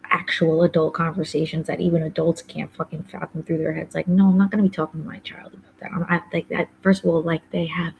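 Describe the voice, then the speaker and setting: A woman's voice: low-pitched, level tone, quick pace, vocal fry, hardly any pauses, a little mellow, slight background noise, poor audio. A woman hosting a podcast, talking casually and rambling with many fillers, often dropping into a whispery undertone. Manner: rambling, heavy use of fillers like "like" and "um". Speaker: podcast host. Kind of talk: casual personal monologue.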